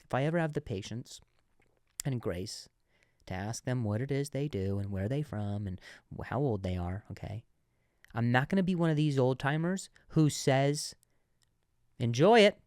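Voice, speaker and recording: A man who stutters, hosting a comedy podcast and telling animated, self-mocking stories. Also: mid-range voice, normal speed, clean tone, no echo, clean studio sound. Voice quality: stutter, frequent repeated words. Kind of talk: comedic storytelling.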